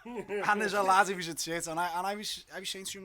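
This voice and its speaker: A man's voice: high-pitched, steady tone, fast talker, bright, forceful tone. A man with a Liverpool accent telling sweary, laughing stories in a post-match football chat. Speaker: podcast panelist.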